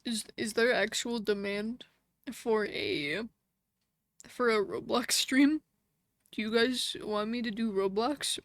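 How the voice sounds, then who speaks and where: A woman's voice: fairly high pitch, slow, dry recording, studio quality. A woman live streamer chatting casually with her viewers, reading their comments and laughing often.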